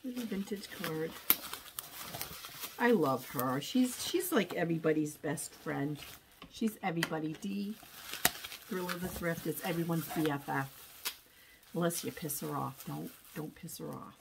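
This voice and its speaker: A woman's voice: deep voice, unhurried, creaky, slight background noise, poor audio. A woman vlogger chatting casually while unboxing thrift packages, rambling and restarting her thoughts.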